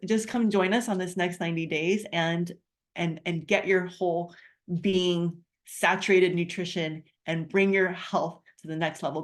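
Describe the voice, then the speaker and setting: A middle-aged woman telling a heartfelt personal story and pitching a wellness business in a chatty way, with many fillers and restarts.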